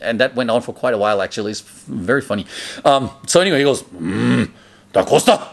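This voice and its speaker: A man's voice: medium pitch, very fast. A man narrating his own memories in a casual, rambling way, full of fillers and restarts. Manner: chatty, loose, filler-heavy, with loud acted shouts in quotes. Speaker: memoir narrator. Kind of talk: casual spoken storytelling.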